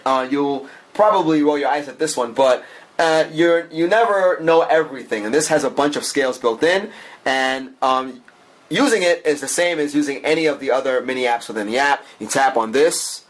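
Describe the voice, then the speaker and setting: A man's voice: mid-range voice, moderate pace. A man doing a chatty, enthusiastic walkthrough of a music app, with fillers and frequent asides to the viewer. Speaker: app reviewer.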